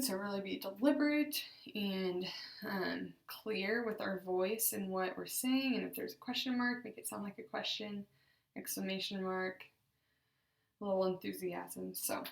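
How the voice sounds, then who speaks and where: A woman leading a group voice exercise class, giving slow, deliberate, encouraging instructions. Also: medium pitch, vocal fry. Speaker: voice therapy exercise leader. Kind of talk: guided speech exercise class. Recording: roomy sound from a distance.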